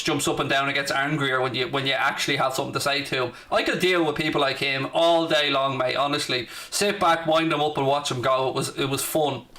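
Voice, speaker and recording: In a medium-pitched, pushed and bright voice, an Irish man from South Dublin with a Dublin accent hosts a casual football watchalong live stream, sarcastic and brash, swearing freely.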